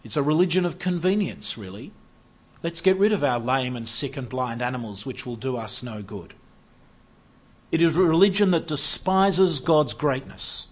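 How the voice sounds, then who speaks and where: A man preaching a sermon, earnest and measured, building to emphatic rises. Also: medium pitch, animated. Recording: dull lo-fi sound.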